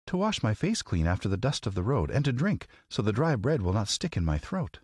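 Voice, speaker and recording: A man voicing a gentle, earnest young girl in a storybook reading, lifting his voice softly higher. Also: sing-song, brisk, husky, dry recording, clean studio sound.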